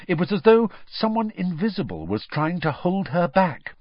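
A man reading fiction aloud as an audiobook narrator, measured but expressive. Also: high voice, no room sound. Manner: measured storytelling with lively swings. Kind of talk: scripted narration. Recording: dull dry lo-fi recording.

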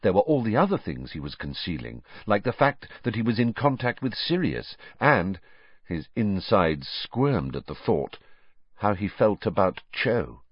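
A man reading a story aloud in scripted narration, expressive and voicing the characters, on a dull, dry recording. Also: lowish voice, unhurried, husky, no echo. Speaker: audiobook narrator.

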